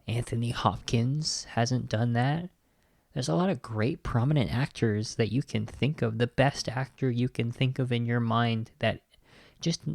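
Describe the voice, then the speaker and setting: Enthusiastic male podcast host, low and gravelly, fillers galore, dry close sound. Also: a little mellow, dry recording. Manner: enthusiastic, heavy use of "like" and "you know". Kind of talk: casual podcast commentary.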